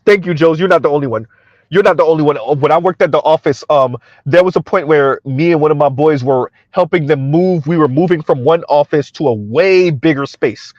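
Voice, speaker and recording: Middle-aged male stream host, chatty and chuckling, fairly high voice, dry dull recording. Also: brisk, a little mellow, dry recording. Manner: chuckling often, loose and colloquial. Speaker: livestream commentary host. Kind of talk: casual livestream commentary, reading chat aloud.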